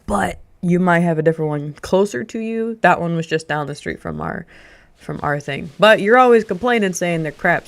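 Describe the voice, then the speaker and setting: A woman's voice: on the low side, normal speed. A young adult woman streamer chatting casually with her audience, ranting through a story and laughing often. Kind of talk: casual chat to a live audience.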